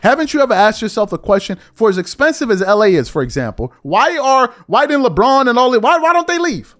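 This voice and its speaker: High, lively man ranting on a podcast. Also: brisk. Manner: exasperated, repeats rhetorical questions. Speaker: podcast host. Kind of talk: opinion commentary rant.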